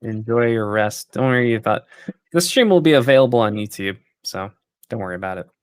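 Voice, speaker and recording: A man's voice: lowish voice, lively intonation, fairly quick, clear, resonant tone, dry recording. A man hosting a casual livestream and answering viewer questions in an easygoing way. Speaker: PC company livestream host.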